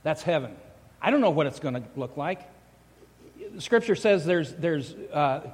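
A man's voice: a little high, animated, moderate pace, pauses often, darkish tone. A man preaching a sermon as a pastor, talking in a loose, joking way and often restarting his sentences. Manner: conversational, joking, frequent restarts. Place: church sanctuary. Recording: long church hall reverb.

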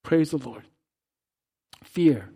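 A man preaching a sermon as pastor, swinging between hushed, quiet stretches and loud, impassioned calls. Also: fairly high pitch, animated, extremely slow, husky.

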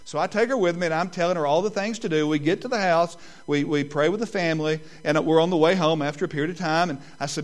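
A middle-aged man, preaching a sermon and telling family stories in lively quoted voices. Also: on the high side, quick pace, few pauses. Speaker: pastor.

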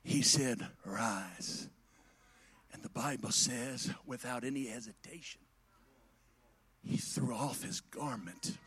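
Speaking straight to his congregation, a preacher delivers a folksy sermon that moves from hushed asides to shouted peaks. His voice is mid-range and husky, and he takes his time.

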